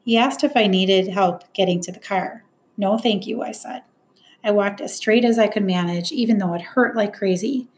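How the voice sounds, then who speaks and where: A woman's voice: mid-range voice, normal speed, a little hiss or hum. Woman narrating an audiobook, earnest. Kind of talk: first-person audiobook narration.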